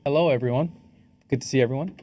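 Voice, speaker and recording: Joking deadpan man co-hosting a podcast. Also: mid-range voice, fast, no echo. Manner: joking, deadpan tall tales. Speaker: podcast co-host. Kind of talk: casual chat.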